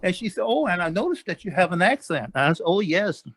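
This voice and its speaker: High bright-voiced older man telling family stories. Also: big pitch swings, a little fast, husky. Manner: rambling, hesitant storyteller who laughs at his own tale. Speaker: family member. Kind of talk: casual family chat. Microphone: video call.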